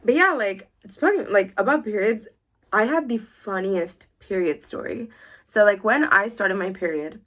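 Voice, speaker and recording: A young woman co-hosting a casual chat podcast, telling stories in an animated way and acting out the dialogue. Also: medium pitch, normal speed. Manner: animated storyteller, acts out dialogue. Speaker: podcast co-host.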